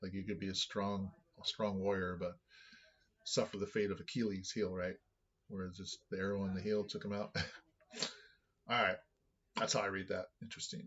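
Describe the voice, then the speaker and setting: A man reading scripture aloud on his vlog and thinking out loud about what it means. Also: deep voice, flat delivery, moderate pace, long pauses, highs cut off. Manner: thinking aloud, with many restarts.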